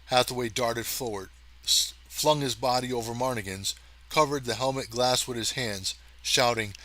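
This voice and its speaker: Bright-voiced male story narrator. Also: medium pitch, moderate pace, dry recording. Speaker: audiobook reader. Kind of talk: scripted narration.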